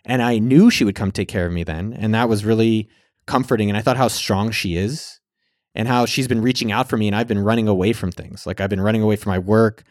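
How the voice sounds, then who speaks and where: A man's voice: lowish voice, fairly even intonation, fairly quick, a little mellow, no room sound, clean studio sound. A man vlogging in a casual storytelling style. He speaks candidly, swears freely, and acts out his own past words.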